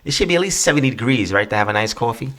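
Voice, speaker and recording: Rapid-fire and mid-range in pitch, a podcast host rants by himself in a loose, casual way. He's animated and swears as he rambles on.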